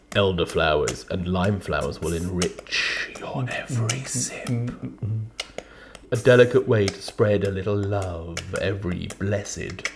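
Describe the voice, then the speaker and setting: A man putting on the voice of a smooth, deep-voiced soul crooner, reading an advert in a slow, sultry, mock-seductive way. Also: noisy background.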